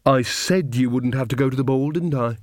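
A man's voice: mid-range voice, a little fast, a little mellow, no room sound, clean studio sound, lightly acted. A man voicing a shy, earnest young witch woman in a storybook reading, speaking eagerly.

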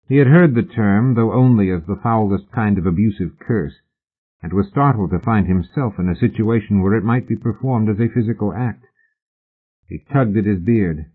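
A man narrating an audiobook in a measured, literary manner. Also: lowish voice. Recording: husky voice on a tinny phone-like line.

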